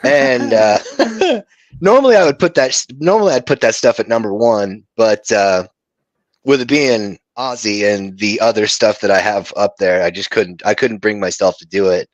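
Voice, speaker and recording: A man's voice: fairly low pitch, moderate pace, no echo, dull audio. A man co-hosting a music podcast, chatting casually, blunt and swearing freely. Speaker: podcast co-host.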